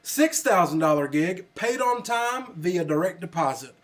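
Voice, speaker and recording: A man's voice: high voice, animated, a little slow. A man with an American Southern country accent, casually chatting on a livestream and reading out comments, rambling with lots of ums and restarts. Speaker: livestream host. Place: office.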